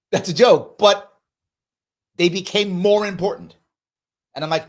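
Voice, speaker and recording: A man hosting a live talk show, giving opinion commentary in an emphatic, preachy way with big jumps in pitch. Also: measured pace, long pauses. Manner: animated, sweeping pitch jumps.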